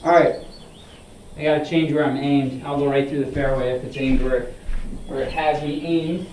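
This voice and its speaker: Blunt golfer talking to himself, echoey room. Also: male voice, on the high side, fairly even intonation, normal speed, darkish tone, a little hiss or hum. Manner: blunt, swears, cheers his own shots on. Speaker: golfer streaming his round. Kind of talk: casual live-stream self-talk. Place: indoor golf simulator bay. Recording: echoey room, distant mic.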